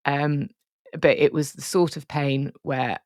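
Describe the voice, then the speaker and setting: A woman's voice: sits low, fairly even intonation, takes it slowly, dry recording, studio quality. A woman co-hosting a podcast, telling a candid, sweary, emotional story in casual chat. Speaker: podcast co-host.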